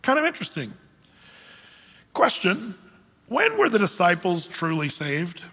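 A male pastor with a high, bright voice teaches a sermon verse by verse, talking conversationally with plenty of ums and restarts. He turns to the congregation with questions now and then. The sound rings with a long reverb, as in a church sanctuary. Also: huge pitch swings, unhurried, breathy edge.

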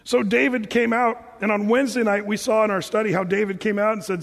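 High-voiced preacher in an echoing hall. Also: male voice, fast, vocal fry. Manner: animated storyteller, acting out scenes. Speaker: pastor. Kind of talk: sermon storytelling. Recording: long hall reverb.

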